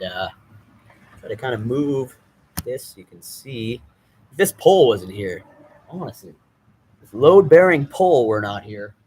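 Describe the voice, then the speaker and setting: A man streams live on his phone while standing outdoors in a motel parking lot in the drizzle. He rambles along in a chatty way, swearing freely, and his voice sits in a middle pitch. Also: darkish tone, slight background noise. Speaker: vlogger. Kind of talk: live-streamed walking vlog.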